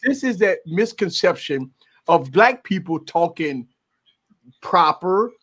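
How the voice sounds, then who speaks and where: A man with a husky, breathy edge to a high voice that swings up and down a lot. He talks emphatically in a casual live panel chat and slips into quoted voices as he makes his points. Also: expressive, slow pace, a bit bright.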